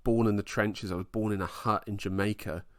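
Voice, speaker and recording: A young man co-hosting a casual sports podcast, rambling and excitable as he retells a fight. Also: fairly low pitch, fairly quick, clear, resonant tone, no room sound, clean studio sound. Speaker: podcast co-host.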